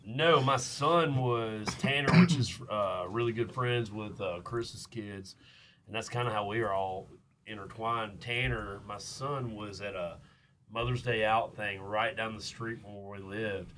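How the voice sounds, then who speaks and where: A man's voice: fairly low pitch, a little slow, fairly bright tone, slight background noise. A man, hosting a casual podcast chat and telling a story with lots of fillers and restarts. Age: 30s. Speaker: podcast host.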